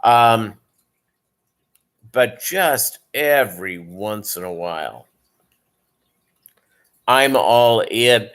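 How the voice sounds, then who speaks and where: Slow-talking, tired man hosting a livestream. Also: on the low side, animated, a bit bright. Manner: rambling, many fillers, chats with viewers. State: tired, yawning. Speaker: livestream host. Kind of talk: casual livestream chat.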